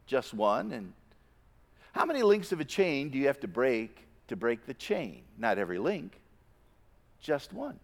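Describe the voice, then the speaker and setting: A man preaching a sermon as a pastor, with emphatic stresses that drop into quiet, low asides. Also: very animated, a little slow, creaky, in a large hall.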